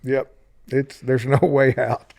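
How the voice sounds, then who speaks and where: A man's voice: medium pitch, flat delivery, takes it slowly, vocal fry, a little mellow. A man with an Eastern Kentucky accent, a musician guest on a podcast, chatting casually and laughing easily while telling stories. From Floyd County, Kentucky. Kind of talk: casual interview chat.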